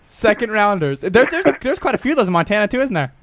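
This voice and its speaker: A man's voice: high-pitched, sing-song, fast, fairly bright tone, dry recording. A man co-hosting a morning radio show, joking and laughing through casual banter.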